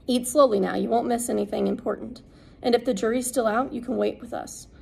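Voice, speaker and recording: A woman's voice: on the high side, fairly even intonation, brisk, creaky, dark tone, slightly rough, full character voice. Woman reading a weary lawyer father. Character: tired, weary lawyer father, middle-aged man.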